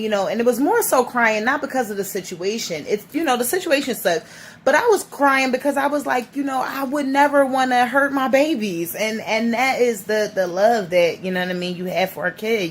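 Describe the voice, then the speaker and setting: A woman's voice: on the high side, a little fast. Woman, 30s, casual vlog, emotional, restarts often, phone camera at arm's length, faint noise. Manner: emotional, rambling, many restarts. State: teary. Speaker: vlogger.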